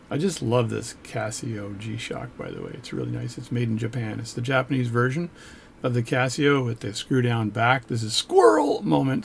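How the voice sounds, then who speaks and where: A man's voice: mid-range voice, vocal fry, a little hiss or hum. A man who repairs watches, reviewing a book in a rambling, casual way, with frequent joking asides and self-interruptions. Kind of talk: casual talk on camera.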